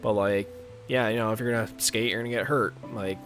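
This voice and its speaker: Soft music sits under a young man's live-stream chatter as he plays, casual, meandering and full of fillers. His lowish voice stays steady and fairly bright, moving at a brisk clip, with a hint of congestion.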